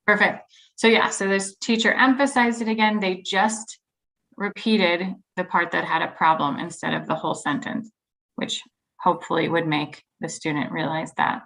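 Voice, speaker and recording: A woman's voice: lowish voice, steady tone, normal speed, vocal fry, a bit bright, rough recording. A woman leading an online teacher-training workshop, explaining patiently with frequent ums and modeling example sentences.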